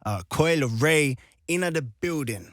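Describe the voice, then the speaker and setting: A man's voice: fairly high pitch, lively intonation, unhurried, over loud music. A man hosting a radio show, chatting casually with a guest in an upbeat, playful way. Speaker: radio host. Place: radio studio.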